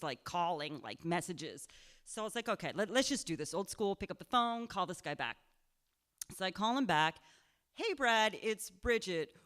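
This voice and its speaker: A young woman telling a funny personal story on stage, chatty and self-deprecating, full of fillers and quick laughs. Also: on the low side, fairly bright tone. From Pennsylvania. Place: live show in a cultural center.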